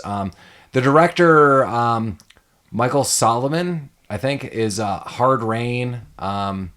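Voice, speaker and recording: A man's voice: mid-range voice, fairly bright tone. Rambling man hosting casual movie chat. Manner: rambling, many fillers and restarts. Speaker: podcast host.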